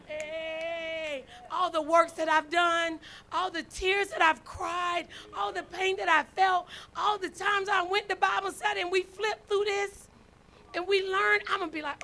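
A woman preaching a sermon to her congregation as the church's first lady. She swings from hushed pleading to shouted exhortation and calls out to the people. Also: very high-pitched, steady tone, a little slow.

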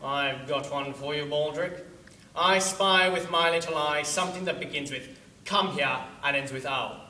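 A man's voice: a little high, normal speed, pushed and bright. A young man playing a sarcastic, scornful army captain in a solo school drama performance. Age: young adult. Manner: cutting, dry sarcasm. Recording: echoey room, far camera.

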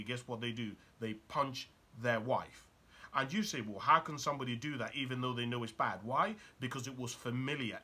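A man's voice: medium pitch, sharp tone, husky. A man talking as a life coach in a motivational monologue, firing off emphatic rhetorical questions.

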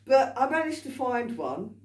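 A woman's voice: on the high side, very animated, normal speed, darkish tone, slight background noise. A woman, a folk performer, telling a story live to a club audience in a chatty, playful way and coaxing them to join in. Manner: chatty, playful, laughs between lines, coaxes the audience. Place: folk club room in a pub. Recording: echoey room, mic at a distance.

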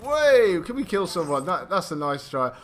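A young man giving live commentary over his own gameplay. He is excitable, swears often and mocks his own play. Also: a little high, a little fast, slight background noise. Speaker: gaming channel host.

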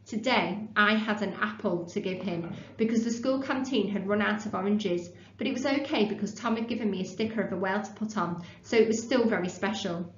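A woman teacher reading a children's book aloud in a clear, expressive storytelling voice. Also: medium pitch, brisk, few pauses, a little hiss or hum. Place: classroom. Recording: roomy, dull lo-fi classroom recording.

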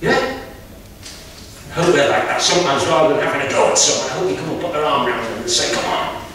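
A man's voice: fairly high pitch, animated, quick pace, a crowd in the background. A man preaching a sermon in a chatty, folksy storytelling way with homely asides. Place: church hall. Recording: echoey hall, mic at distance, faint noise.

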